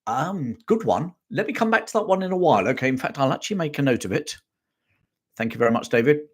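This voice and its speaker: A man's voice: fairly high pitch, animated, quick pace. A man hosting a live history chat stream, reading out viewer comments in a chatty way, with many ums and restarts.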